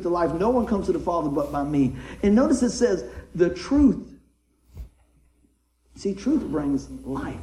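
A man's voice: high voice, warm tone, echoey room, rough recording. A man preaching a sermon in a folksy, conversational way, often asking his listeners questions.

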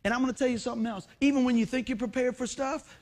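Animated high-voiced preacher man. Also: very fast. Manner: animated storytelling with acted-out quotes. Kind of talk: storytelling sermon.

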